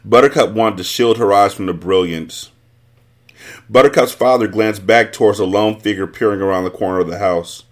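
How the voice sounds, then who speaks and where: A man hosting a book podcast, reading a novel aloud with expressive, animated storytelling. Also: on the low side, normal speed.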